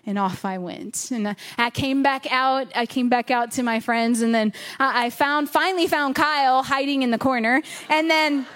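A woman's voice: high-pitched, steady tone, moderate pace, few pauses, a bit bright. A woman pastor preaching a sermon to a congregation, telling a personal story and repeating phrases for emphasis. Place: church in front of a congregation.

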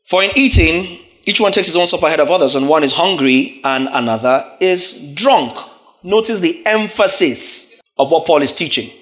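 A man's voice: a little high, lively intonation, normal speed, a bit bright. Man preaching a teaching sermon.

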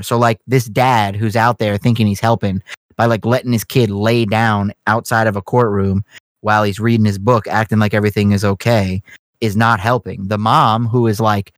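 A man's voice: fairly low pitch, flat delivery, normal speed, dry recording. A young man telling a long, profane story in casual podcast chat. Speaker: podcast co-host.

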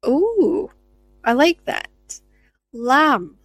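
A woman's voice: high-pitched, very animated, extremely slow, fairly bright tone, dry recording, soft background music. A woman hosting a podcast, chatting casually and effusively with her guest. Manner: chatty, effusive, laughs easily. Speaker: podcast host. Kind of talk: casual interview chat.

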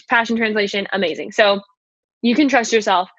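A woman's voice: fairly high pitch, fairly even intonation, brisk, fairly bright tone, no room sound, highs cut off. A young adult woman hosting a podcast, giving a casual, emphatic faith-based pep talk full of "like" and "okay", with scripture read aloud between her remarks. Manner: chatty and emphatic, says "like" and "okay" a lot. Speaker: podcast host and pageant coach.

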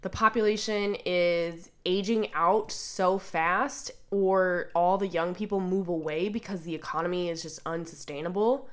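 A woman's voice: lowish voice, fairly bright tone. A woman co-hosting a casual podcast, nasal from a sinus infection, telling stories with lots of "like". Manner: chatty storytelling, lots of "like". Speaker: podcast co-host. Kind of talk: casual chat.

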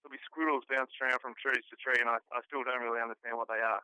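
A man's voice: mid-range voice, steady tone, racing, pushed and bright, clean tone, dry recording, rough recording. A man with an Australian accent, a guest musician chatting cheerfully in an interview, repeating words as he goes. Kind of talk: casual interview chat.

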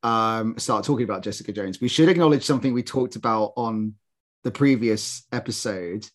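A man from the UK co-hosting a podcast, chatting casually, halting and laughing at his own jokes. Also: fairly low pitch. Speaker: podcast co-host. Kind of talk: casual chat.

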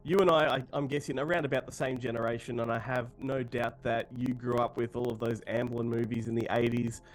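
A man's voice: mid-range voice, fairly even intonation, fairly quick. A man interviewing a film director, asking questions with fan-like enthusiasm. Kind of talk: press interview.

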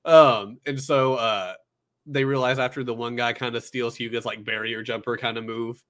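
This is a man in a loose, casual chat, walking through a story with lots of "uh" and "like" as he goes. His voice sits at an ordinary middle pitch and sounds relaxed and unhurried. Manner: rambling, filler-heavy storytelling. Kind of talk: casual chat recapping an anime film.

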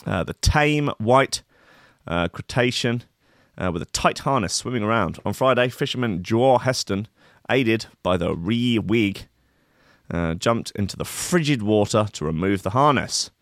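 A man's voice: on the low side, lively intonation, unhurried, a bit bright, no echo, studio quality. A man hosting a show, reading a news story aloud and ranting about it in a sweary, sardonic, mock-outraged way. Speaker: radio show host. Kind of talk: comic rant reading news.

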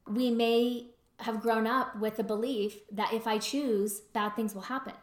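A woman with a mid-range voice shares a personal story during a reflective talk on trauma and choice. Her delivery is conversational and packed with fillers, and she mimics her husband in quotes. The recording is reverberant with a little hiss or hum.

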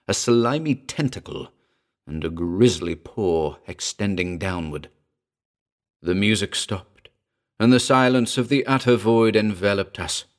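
A man narrating a first-person horror story in a slow, grave, measured delivery. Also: lowish voice. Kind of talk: dramatic horror story reading.

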